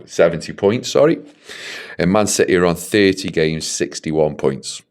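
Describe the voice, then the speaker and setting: A man's voice: sits low, animated, a little slow, darkish tone. A man co-hosting a casual podcast, bantering bluntly and dryly about life and football. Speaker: podcast co-host. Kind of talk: casual chat.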